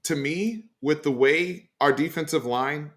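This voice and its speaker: A man hosting a casual sports talk show, giving emphatic opinions in a loose, animated way with frequent fillers. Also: on the high side, measured pace. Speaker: sports podcast host.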